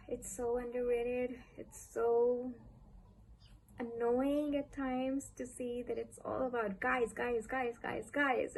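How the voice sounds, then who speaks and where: A woman's voice: fairly high pitch, darkish tone, low-quality recording. Gushing young woman with a Pakistani accent. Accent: Pakistani English. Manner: gushing, repeats herself for emphasis. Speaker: book vlogger. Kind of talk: casual chat about books. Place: home, street vendor calls outside. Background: faint street noise.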